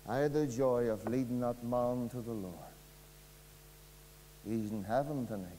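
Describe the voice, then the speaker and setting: A man with a Northern Irish accent preaching an evangelistic sermon, earnest and pleading, dropping to a hush and rising again. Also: medium pitch, measured pace, pauses often. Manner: earnest, pleading, dramatic swings from loud to hushed. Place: church. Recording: long reverb of a church hall.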